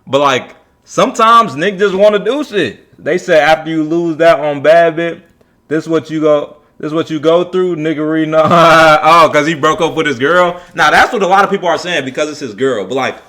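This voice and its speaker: A man's voice: fairly high pitch, sharp tone. A young man streaming and chatting casually, reacting to a video with slangy, repetitive talk. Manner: slangy, repetitive, drawn-out filler.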